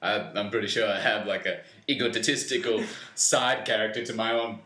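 Giggly podcast dude, crude jokes, bright voice bouncing around a roomy space. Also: male voice, fairly low pitch, moderate pace. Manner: giggly, crude joking banter. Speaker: podcast co-host. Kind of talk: casual chat.

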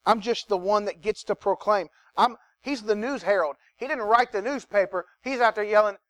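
A pastor delivers a sermon with lively, conversational energy, speaking directly to his listeners at a normal speed. His voice is fairly high for a man, and the recording is close and dry with little echo.

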